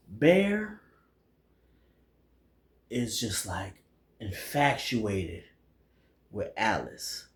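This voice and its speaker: A man's voice: lowish voice, darkish tone, roomy sound. A man recapping a movie in a slangy, rambling way, with lots of fillers. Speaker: movie reviewer.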